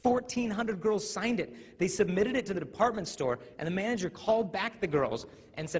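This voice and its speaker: Guy doing a funny talk to a room of students, kinda high voice, echoey big hall. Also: animated, normal speed, hardly any pauses, husky. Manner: humorous storytelling, acts out voices. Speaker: youth speaker. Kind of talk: live talk to a student audience. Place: large hall with audience. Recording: reverberant hall, faint ambient noise.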